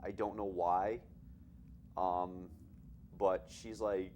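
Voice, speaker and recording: Low-voiced guy commentating his game. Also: fairly even intonation, slow, a little mellow, slight background noise. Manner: chatty, laughs often, self-mocking. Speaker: game runner at a charity marathon.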